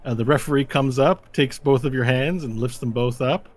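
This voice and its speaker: A man's voice: mid-range voice, normal speed. A man narrating as game master in a casual, rambling way.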